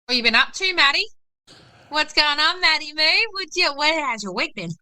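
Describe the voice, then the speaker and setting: Bright, brash woman co-host. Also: high voice, expressive, moderate pace, dry recording. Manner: brash and teasing, swears freely. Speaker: podcast co-host. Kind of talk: casual podcast chat.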